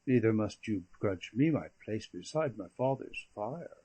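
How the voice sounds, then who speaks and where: A man reading an audiobook, voicing a charming, scheming young nobleman with hearty, mocking friendliness and a husky voice. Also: lowish voice, lively intonation, unhurried, mellow. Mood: jovial.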